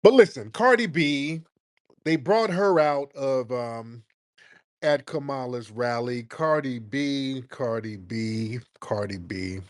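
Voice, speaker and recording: A man's voice: medium pitch, no room sound, clean studio sound. A man hosting a live call-in show who talks bluntly and sounds impatient and exasperated with callers. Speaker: radio show host.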